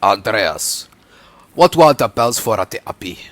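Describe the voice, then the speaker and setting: A man doing a gentle, low-voiced village mother. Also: very animated, unhurried, no room sound. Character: kindly village wife and mother. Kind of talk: let's-play character voicing.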